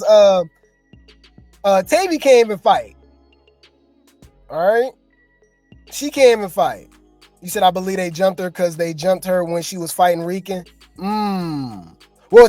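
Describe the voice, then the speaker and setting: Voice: mid-range voice, darkish tone, no room sound. A host giving casual, slangy reaction commentary, chatting and joking with viewers.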